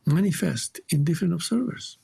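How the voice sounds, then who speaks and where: Gravelly Chilean-accented man, reflective. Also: on the high side, expressive, brisk, dark tone. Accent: Chilean Spanish. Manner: emphatic, repeats words for stress. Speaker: guest teacher. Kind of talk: reflective interview talk.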